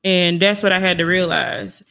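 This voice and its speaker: A woman's voice: fairly low pitch, steady tone, normal speed, vocal fry, pushed and bright. A woman co-hosting a casual faith chat, speaking earnestly about God, healing and forgiveness.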